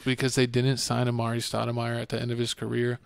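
A man's voice: medium pitch, completely flat delivery, quick pace, creaky, smooth, no echo. A man hosting a casual sports podcast, joking bluntly and trash-talking teams. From Texas. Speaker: podcast host. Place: home studio podcast.

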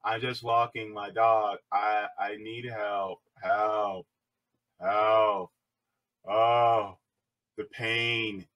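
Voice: medium pitch, level tone, muffled recording, voice pushed down. A vlogger mocking a whiny woman faking distress. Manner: mocking, drawn-out pleading.

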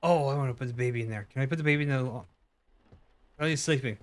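A man's voice: medium pitch, quick pace. A man casually commenting while playing a horror game, chatty and curious, swearing now and then. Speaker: gaming video creator. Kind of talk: casual let's-play commentary.

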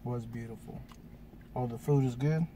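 A man's voice: medium pitch, moderate pace, background noise. A man hosting a casual food review mukbang, talking in slangy, hyped greetings to his viewers.

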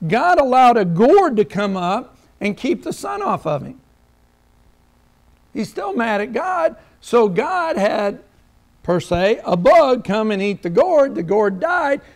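A male pastor delivers a sermon in a high voice that leaps up and down as he drives each point home. There is a gravelly edge to his tone, and he slips into dramatic quoted prayers between readings. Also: very animated, slow.

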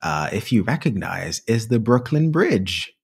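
A man co-hosting a casual comedy podcast, playful and quick to laugh, with bursts of mock indignation. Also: fairly low pitch, sing-song, gravelly, a crowd in the background. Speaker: podcast co-host.

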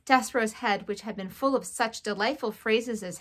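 A woman teacher at home, reading a children's novel aloud to her class with a clear, expressive delivery. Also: a little high, normal speed, few pauses.

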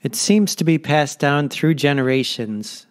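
A man hosting a podcast and reading a scripted narration in a measured, solemn way. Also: a little high, animated. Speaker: podcast host.

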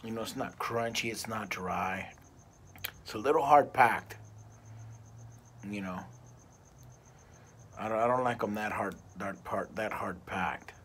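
A man's voice: fairly low pitch, a little slow, long pauses, a bit bright, a little hiss or hum. A middle-aged man reviewing a cigar in a casual vlog, rambling and ranting with plenty of profanity.

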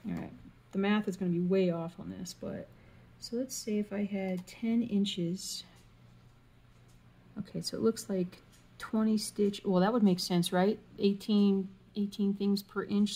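A woman chats casually as she cross stitches for her vlog, wandering between thoughts, humming, and muttering under her breath. Her voice is mid-range and a little mellow, with a bit of hiss or hum in the recording.

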